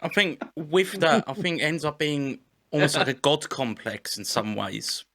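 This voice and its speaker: A man's voice: on the high side, lively intonation, moderate pace, sharp tone. A man who plays in a band, a podcast guest in casual chat who rambles, swears freely and corrects himself.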